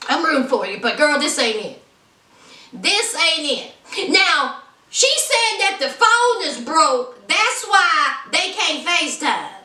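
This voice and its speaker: A woman's voice: very high voice, pushed and bright. A woman hosting a podcast, giving a sassy, chatty recap of a reality show and talking straight to her listeners. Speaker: podcast host. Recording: roomy, distant from mic.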